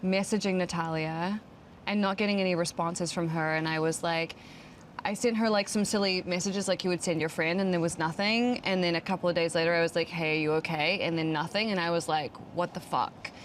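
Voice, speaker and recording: Woman, podcast host, earnest and emotional, slightly low pitch, faint background noise. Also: fairly even intonation, brisk. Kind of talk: candid conversational podcast chat.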